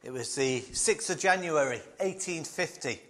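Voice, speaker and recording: A man's voice: a little high, animated, moderate pace, a bit bright. A man preaching a sermon, emphatic and conversational, fond of repetition and light asides.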